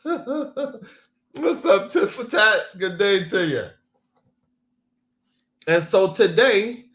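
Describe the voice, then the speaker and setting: A man's voice: sits high, a bit bright, echoey room. A man hosting a live stream, chatting casually, greeting viewers by name and laughing often.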